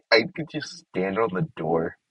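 A man's voice: deep voice, sing-song, slow, breathy edge, dry recording, highs cut off. A man giving casual commentary to himself while he builds in a game. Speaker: gameplay streamer.

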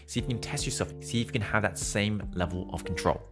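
A man's voice: on the low side, quick pace, music in the background. A man teaching a singing lesson in direct, encouraging instructions, breaking off to demonstrate vowel and nasal sounds. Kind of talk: podcast voice lesson.

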